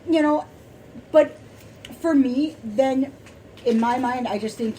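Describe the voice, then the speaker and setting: A woman co-hosting a podcast, chatting casually in a soft, rambling way with many fillers and restarts. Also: on the high side, steady tone, normal speed, long pauses, slight background noise, poor audio. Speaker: podcast co-host. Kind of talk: casual chat.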